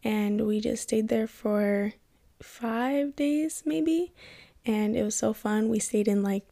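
A woman's voice: fairly high pitch, takes it slowly, gravelly. A young woman from Kenya telling a personal story in a casual vlog, acting out the voices of the people she quotes. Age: young adult. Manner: animated, acts out quoted voices. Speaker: vlogger.

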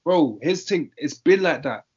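A man's voice: a little high, lively intonation, unhurried, husky. A young man, chatting casually about football in a slangy, emphatic way and repeating his points. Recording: dull lo-fi audio.

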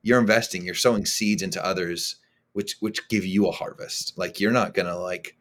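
A man with a very low voice talks as a podcast guest. He speaks casually and with emphasis and often stumbles and repeats words as he gets going. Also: normal speed. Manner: animated, emphatic, repeats words when starting thoughts. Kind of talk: casual conversational interview.

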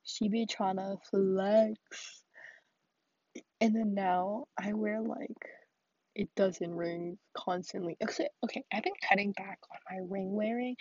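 A woman's voice: medium pitch, darkish tone, husky, dry recording, highs cut off. A young woman venting in a solo vlog, rambling with lots of fillers and often dropping to a whisper. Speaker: vlogger. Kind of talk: solo confessional vent.

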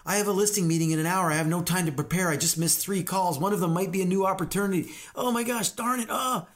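A man voicing a frazzled, overworked agent who rushes and complains. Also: high voice, expressive, voice pushed up. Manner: frantic, whiny complaining. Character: frazzled, overworked male agent, always rushing.

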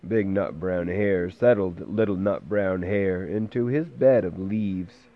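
Gentle, slow bedtime-reading dad. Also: male voice, deep voice, phone-quality sound. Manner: slow, gentle and lilting, chatting with the child between pages. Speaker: parent reading to a toddler.

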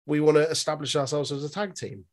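A man's voice: a little high, quick pace, darkish tone. A man co-hosting a casual wrestling recap chat, sarcastic and swearing freely. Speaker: podcast co-host.

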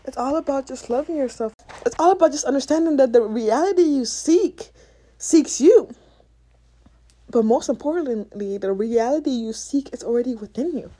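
A woman's voice: high-pitched, normal speed, dark tone. A woman hosting her own podcast, giving a blunt, profane motivational rant with bursts of laughter. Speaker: podcast host.

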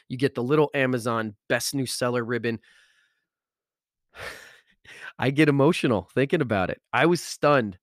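Man, mid pitch, heartfelt self-help storyteller; dry close sound, stammers when moved. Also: dry recording. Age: adult, father of school-age kids. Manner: animated, repeats words when moved, laughs often. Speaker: self-help author and speaker. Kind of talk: emotional personal storytelling.

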